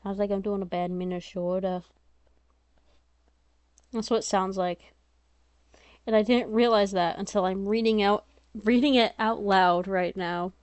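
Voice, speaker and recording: A woman reading her own story aloud in a plain, steady voice, now and then breaking into chatty, self-mocking asides. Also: mid-range voice, measured pace, pauses often, clear, resonant tone, no echo.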